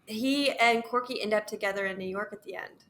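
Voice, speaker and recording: A woman's voice: mid-range voice, a little fast, fairly bright tone, a little hiss or hum. A woman who is a guest on a podcast, chatting casually and hesitantly. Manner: hesitant, full of fillers and restarts. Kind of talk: casual chat.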